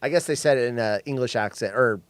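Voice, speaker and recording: A man co-hosting a casual live-stream podcast, telling stories in an animated way and reading viewer comments aloud. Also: mid-range voice, fast talker, no echo. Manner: animated storyteller, reads chat aloud. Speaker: podcast co-host.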